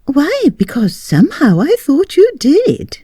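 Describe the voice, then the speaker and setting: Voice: wildly swooping pitch, measured pace, dark tone, dry recording, studio quality, full character voice. A reader voicing a prim wife scolding her husband in a raised voice. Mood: indignant. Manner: high, accusing.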